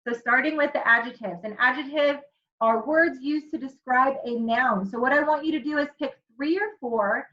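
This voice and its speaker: A woman's voice: sits high, normal speed, sharp tone. Upbeat woman coaching viewers. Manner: upbeat, encouraging, talks straight to the viewer. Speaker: wellness coach. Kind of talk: motivational presentation with slides. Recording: dull lo-fi audio.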